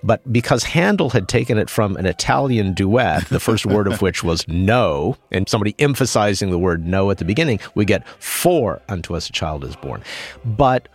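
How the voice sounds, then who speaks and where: A man's voice: lowish voice, animated, normal speed, hardly any pauses. A man giving thoughtful, lecture-like commentary on music history, sometimes reciting lines to show their stress. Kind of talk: explanatory commentary.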